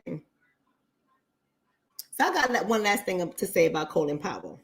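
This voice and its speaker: A woman's voice: on the low side, very animated, normal speed, vocal fry, long pauses. A woman hosting a casual livestream chat, talking bluntly to her viewers with frequent profanity and repeating points for emphasis. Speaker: online talk show host.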